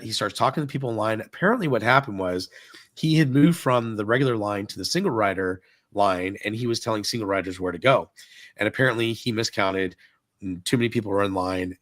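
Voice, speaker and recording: Lower-voiced middle-aged man telling a story. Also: fairly quick, no room sound. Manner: animated retelling, acting out dialogue. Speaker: podcast co-host telling a park story. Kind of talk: casual storytelling on a live podcast.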